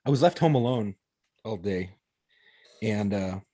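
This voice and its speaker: A man cohosting a podcast, telling jokes in a quiet, understated way. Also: lowish voice, measured pace. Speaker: podcast co-host. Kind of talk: casual joke-telling banter.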